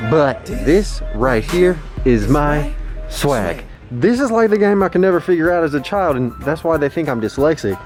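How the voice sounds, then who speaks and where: A man giving a joking vlog of his thrift store finds, hyped and goofy, often jumping into high silly voices. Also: sing-song, moderate pace, music in the background. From Texas. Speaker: vlogger showing thrift finds. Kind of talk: casual joking vlog narration.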